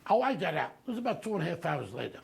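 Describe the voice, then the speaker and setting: Brash New man, raspy high voice, profane stand-up storyteller. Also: very animated, very fast. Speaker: comedian storyteller.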